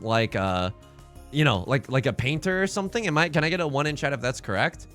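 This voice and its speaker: A man giving live mahjong commentary to his chat, theatrical and quick to swing between mock outrage and laughter. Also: on the high side, animated, fairly bright tone, faint music behind. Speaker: mahjong streamer.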